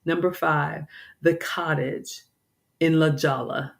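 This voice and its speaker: Low, steady and creaky, her voice moves at a slow pace as she chats with live-stream viewers. She's a Southern home cook and vlogger who seems weary, apologetic and a little scattered.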